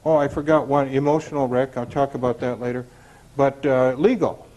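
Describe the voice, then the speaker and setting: A man's voice: medium pitch, steady tone, moderate pace, a little mellow, rough recording. A middle-aged man speaking to a group about recovery, talking conversationally and asking rhetorical questions. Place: retreat center meeting room.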